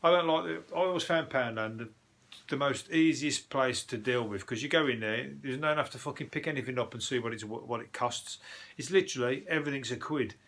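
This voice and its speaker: A comedian delivering a casual, rambling monologue reviewing the day's news, full of swearing and jokey asides. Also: male voice, mid-range voice, fairly quick, a bit bright.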